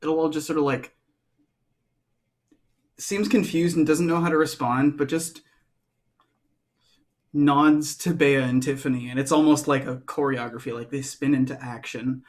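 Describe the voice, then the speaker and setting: A man's voice: a little high, steady tone, moderate pace, long pauses. A man narrating as game master in a tabletop game, rambling loosely with lots of fillers.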